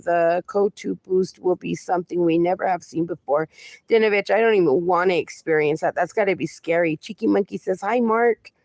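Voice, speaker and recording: A woman's voice: mid-range voice, vocal fry, a little mellow, dry recording. A woman in her forties hosting a casual livestream, reading viewer comments aloud and answering them fondly, calling people "my darling" and "my friend". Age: 40s. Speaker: livestream host.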